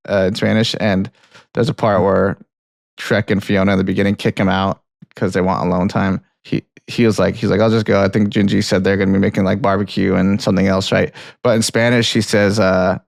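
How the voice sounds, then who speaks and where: A man co-hosting a film podcast, chatting casually in a relaxed, rambling way with frequent laughs. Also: on the low side, brisk, vocal fry, dry recording, studio quality. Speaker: podcast co-host. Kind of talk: casual chat.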